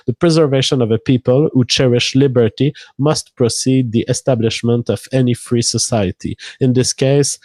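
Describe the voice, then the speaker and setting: A man's voice: medium pitch, dark tone, no room sound. A man with a French accent, co-hosting a casual livestream and reading viewer donation messages aloud, then commenting on them.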